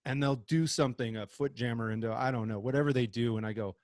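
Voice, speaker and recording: A male co-host talks casually in an interview and laughs along with his guest. His voice sits at an ordinary middle pitch. The sound is dry and close, with no room echo. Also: fast, hardly any pauses, darkish tone.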